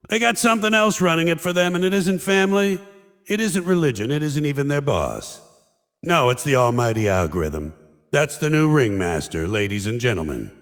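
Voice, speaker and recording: Sardonic older man ranting in a hall. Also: medium pitch. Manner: ranting, mocking, punchy short lines. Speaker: stand-up comedian. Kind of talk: sardonic stand-up monologue. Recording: long hall reverb.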